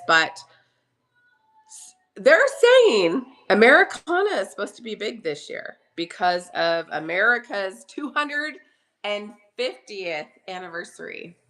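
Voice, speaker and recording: Bright and forceful at a medium pitch, a woman's voice carries a casual live-selling chat as she runs an online auction from her kitchen. She's recovering from a cough and greets each viewer by name.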